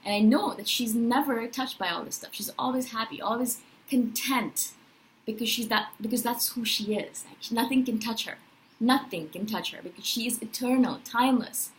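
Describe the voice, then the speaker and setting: A woman in her thirties talking in a personal spiritual vlog, animated and emphatic, often checking in with "right?". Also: medium pitch, low-quality recording. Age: 30s. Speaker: vlogger.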